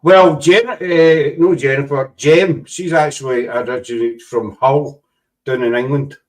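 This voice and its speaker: A man's voice: mid-range voice, steady tone, measured pace, darkish tone, low-quality recording. A man, hosting a casual chat and rambling through stories with many asides. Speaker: podcast host.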